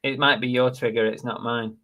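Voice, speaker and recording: A man's voice: mid-range voice, flat delivery, brisk, pushed and bright. Man joking dryly on a live stream. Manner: dry, joking asides while reading donations. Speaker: host of a live reselling chat. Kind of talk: casual live-stream chat.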